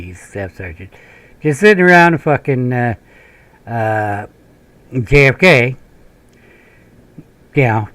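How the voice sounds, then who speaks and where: A man's voice: fairly low pitch, a bit bright, no room sound. A man from Minnesota who hosts a gaming channel, telling a long, rambling, profane story while he plays. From Minnesota, USA. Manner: profane, rambling, laughs often.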